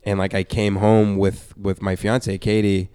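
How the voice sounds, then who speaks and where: Young guy with a low smooth voice rambling through a story on a podcast, dry sound. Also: flat delivery, measured pace, mellow, no room sound. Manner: candid, rambling storytelling with many fillers. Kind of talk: casual chat.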